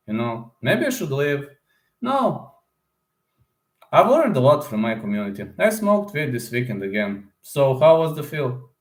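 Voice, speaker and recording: Rambling man chatting in echoey room. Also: medium pitch. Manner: rambling, informal, addresses listeners as "man". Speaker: YouTube channel host. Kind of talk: casual chat with viewers.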